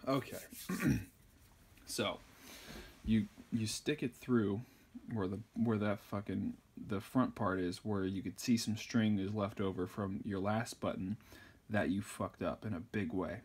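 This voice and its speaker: A man's voice: fairly low pitch, steady tone, unhurried, darkish tone, slightly rough. A man giving a crude, insulting, rambling comedic tutorial on sewing a button. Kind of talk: profane comedic tutorial rant.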